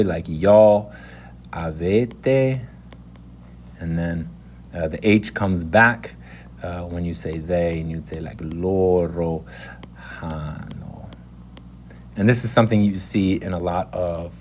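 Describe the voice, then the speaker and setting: A man's voice: deep voice, a little hiss or hum. A man giving a casual, rambling spoken language lesson, correcting himself often as he goes. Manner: relaxed and rambling, with many fillers and self-corrections. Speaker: language teacher.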